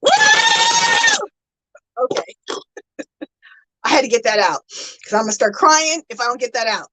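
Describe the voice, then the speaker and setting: A woman's voice: a little high, expressive, normal speed, fairly bright tone, rough recording. A woman hosting a casual craft livestream, chatting with viewers and gushing with thanks. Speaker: livestream host.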